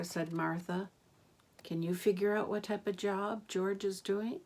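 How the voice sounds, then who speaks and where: A woman reading a storybook aloud to children, gentle and asking the listener questions. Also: medium pitch, fairly even intonation, unhurried.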